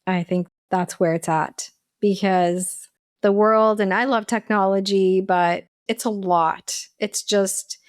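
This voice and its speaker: A woman nutritionist guest on a podcast, answering questions in a relaxed, conversational way. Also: medium pitch, no room sound, studio quality. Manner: relaxed, laughs easily.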